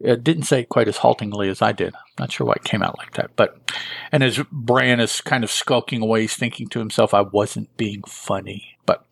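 A man's voice: medium pitch, brisk, vocal fry, a bit bright, dry recording. A man hosting a comic book review show, recapping an issue in a rambling, thinking-aloud way and often correcting himself.

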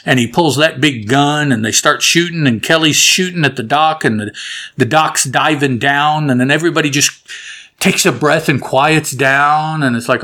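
A man's voice: a little high, moderate pace, sharp tone. Chatty man recapping a comic. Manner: rambling, chatty, self-correcting, amused. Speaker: comic book reviewer. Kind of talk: casual spoken review and plot recap.

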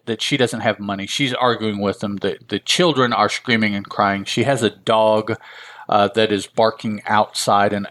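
A man's voice: lowish voice, fairly bright tone. A man hosting a casual comic book review. He rambles and makes self-deprecating asides, with plenty of fillers. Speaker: host.

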